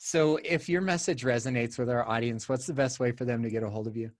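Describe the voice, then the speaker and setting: A man's voice: mid-range voice, fast talker. A man hosting a podcast, talking candidly and rambling, with casual swearing. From United States. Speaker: podcast host.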